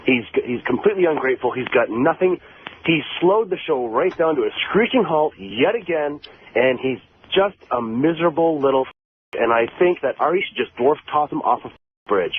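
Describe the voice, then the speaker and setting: A man phones in to a talk radio show and rants with angry profanity. His voice sits a bit high. It comes through a thin, phone-like line with faint hiss. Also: animated, normal speed. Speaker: caller.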